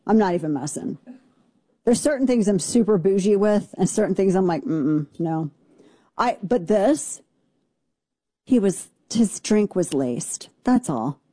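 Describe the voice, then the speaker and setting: A brash woman hosting talk radio, firing off sarcastic, opinionated commentary. Her voice is dark and mellow. The studio sound is dry and close. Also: medium pitch, expressive, no echo. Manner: brash, sarcastic, fast-talking. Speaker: radio talk show host.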